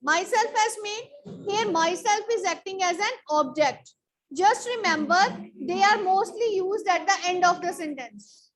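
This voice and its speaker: Lady teacher in a classroom, super high voice, takes it slow, drills the kids with the same q and a. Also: fairly bright tone, rough recording. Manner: drills by asking a question and repeating the answer; calls students out by name. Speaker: school English teacher. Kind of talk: classroom grammar lesson. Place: school classroom.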